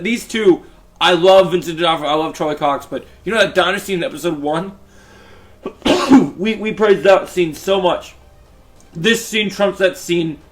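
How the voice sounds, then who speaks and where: A man giving a casual, enthusiastic and rambling review of a TV episode. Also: a little high. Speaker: TV show reviewer.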